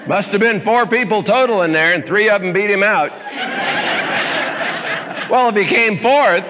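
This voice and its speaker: A man preaching a folksy, joking sermon, telling stories in an animated way. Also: sits high, moderate pace, highs cut off, background noise. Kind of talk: comedic sermon. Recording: echoey hall.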